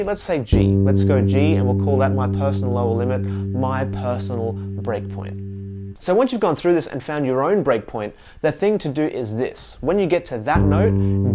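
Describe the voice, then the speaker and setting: Easygoing man teaching bass over loud bass guitar. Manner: easygoing, chatty, sings notes to demonstrate. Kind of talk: instructional music lesson.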